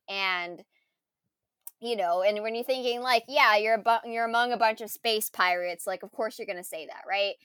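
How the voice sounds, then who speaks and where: A woman in casual conversation reviewing a film, animated and full of fillers and laughs. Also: medium pitch, normal speed, clean tone, dry recording, clean studio sound.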